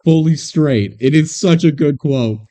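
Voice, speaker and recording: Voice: medium pitch, a little slow, dark tone. A podcast co-host making dry, wry asides during a casual movie recap chat.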